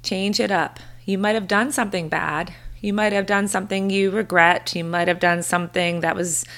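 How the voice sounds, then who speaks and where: A woman's voice: mid-range voice, steady tone, moderate pace, a bit bright. A woman hosting a podcast, giving an earnest, encouraging motivational talk that repeats phrases for emphasis. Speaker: podcast host, confidence coach.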